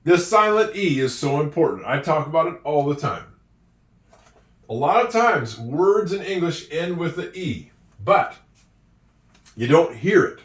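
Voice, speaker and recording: A man's voice: on the high side, big pitch swings, recorded from a distance. Encouraging male teacher, echoey room. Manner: slow, encouraging, with drawn-out words. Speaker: English teacher. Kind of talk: handwriting and spelling lesson. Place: room with a whiteboard.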